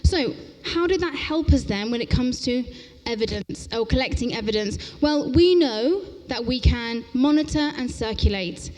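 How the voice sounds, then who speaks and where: Woman presenter, teacher trainer, lively and brisk, slightly high voice, long reverberant lecture-hall sound. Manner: brisk and upbeat, often checking in with "okay?". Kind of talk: interactive conference workshop talk. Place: large lecture hall at a conference.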